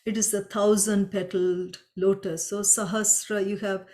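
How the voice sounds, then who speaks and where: A woman teaching a Sanskrit chant, patiently explaining meanings and pronunciation step by step and chanting the lines slowly. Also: mid-range voice, little pitch movement, darkish tone. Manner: chants mantras slowly and drawn out. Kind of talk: slow spoken lesson with chanting.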